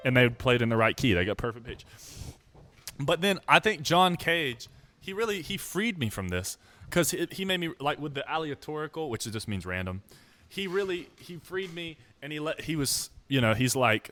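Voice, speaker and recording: A young man rambling in a casual monologue, self-mocking and swearing casually as he muses out loud. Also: medium pitch, expressive, moderate pace. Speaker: musician vlogger.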